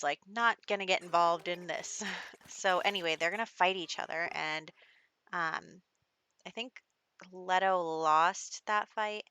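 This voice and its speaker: A woman's voice: lowish voice, sharp tone, no room sound. A woman casually narrating her life-sim game, chatty and storytelling, with lots of filler words. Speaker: gameplay narrator. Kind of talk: casual let's-play narration.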